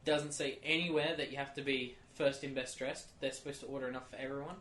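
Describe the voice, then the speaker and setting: Un joven australiano que cuenta anécdotas con energía en una charla informal de podcast, imitando a los empleados de una tienda. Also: male voice, medium pitch, fast talker. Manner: animated storytelling, acts out shop clerks in quotes. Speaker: podcast co-host. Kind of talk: casual chat. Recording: echoey room with faint noise.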